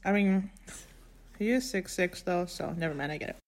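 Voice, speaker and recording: A woman co-hosting a podcast in easy, casual chat. Her voice sits a bit low. She cracks dry, wry jokes and rambles through her thoughts, strung together with "like". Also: moderate pace, a little mellow. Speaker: podcast co-host.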